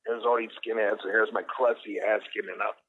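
A man's voice: fairly low pitch, level tone, a little fast, slightly rough. A man chatting casually, telling rambling stories and swearing a lot, as a podcast guest. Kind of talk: casual chat. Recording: dull lo-fi sound with faint noise.

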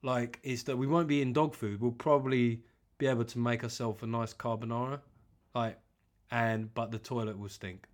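A man's voice: medium pitch, fairly even intonation, normal speed. A man, a comedian hosting his podcast, delivering a rambling, profane, self-mocking comic monologue.

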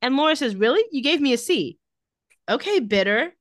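A woman's voice: high-pitched, fairly quick, no echo. A woman co-hosting a recap podcast in a casual chat, reading out scene dialogue with dry sarcasm. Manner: sarcastic, retells scenes by reading lines in a flat voice. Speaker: podcast co-host recapping a TV episode.

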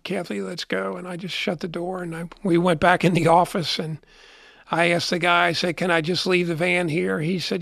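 A man's voice: high voice, gravelly, a bit bright, no room sound, clean studio sound. A middle-aged man telling a long story in a rambling way, repeating and restarting his words as an interview guest.

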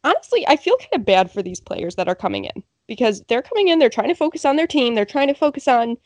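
A woman's voice: a little high, very animated, fast talker, dry recording. A woman co-hosting a casual sports podcast, chatty and laughing often. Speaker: podcast co-host.

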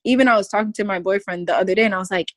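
A woman's voice: mid-range voice, rapid-fire, no echo. A woman speaking as a podcast guest in casual conversation, emphatic and goofy, often breaking into laughter.

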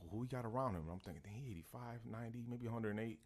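A man in his thirties, co-hosting a podcast, telling a story in a casual, animated way and acting out the voices of the people he quotes. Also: medium pitch, very fast. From born in Texas, Puerto Rican family. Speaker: podcast co-host.

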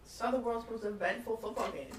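A woman's voice: fairly high pitch, a little fast. A woman co-hosting a podcast, telling a story in casual chat and giggling through it. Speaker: podcast co-host. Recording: roomy, distant, faint noise.

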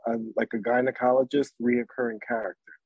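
A woman's voice: rumbling low, fairly even intonation, fairly quick, breathy edge, no room sound, lo-fi sound. A woman in casual chat, chiming in with dry, teasing comments.

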